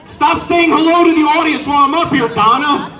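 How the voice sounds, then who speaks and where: Using a corded handheld mic, a male stand-up comedian performs outdoors on a front lawn, teasing the crowd and acting out characters. His voice is extremely high and brisk, reverberant, and far from the mic.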